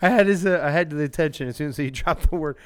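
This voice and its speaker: A man co-hosting a loose, casual chat, laughing as he talks. His voice sits a bit high, and the recording is dry and close. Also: clear, resonant tone, no room sound. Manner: laughs often, quick reactions. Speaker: podcast co-host.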